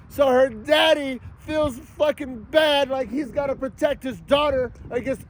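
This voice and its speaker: A man ranting angrily to camera, yelling and cursing in a furious outburst. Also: very high voice, unhurried, few pauses. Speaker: father vlogging about a custody battle. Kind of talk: angry outdoor rant to camera.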